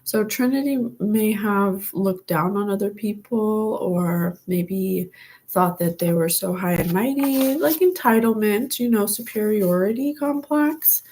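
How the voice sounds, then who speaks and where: Woman, psychic host, gushing, rambling, breathy voice, mid pitch. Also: unhurried, darkish tone, low-quality recording. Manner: gushing, rambling, laughs often. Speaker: psychic reader and podcast host. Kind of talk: casual spiritual talk to camera.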